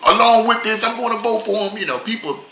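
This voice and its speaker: A man's voice: high voice, fast, creaky, reverberant, background noise. A man giving casual political commentary as a show host, rambling and repeating words as he goes.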